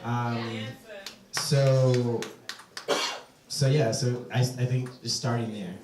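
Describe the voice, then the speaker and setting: A man, a poet, answering audience questions at a live reading. He talks hesitantly and softly, with many fillers. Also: medium pitch, steady tone, slow, noisy background. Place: echoey event space. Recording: echoey room, distant mic.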